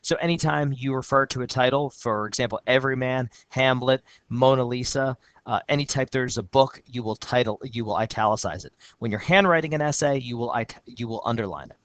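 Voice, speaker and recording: A man's voice: mid-range voice, brisk, few pauses, a bit bright, no echo. A male teacher walks through a student essay in a recorded lesson, reading passages aloud and commenting with upbeat energy. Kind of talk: recorded lesson with screen walkthrough.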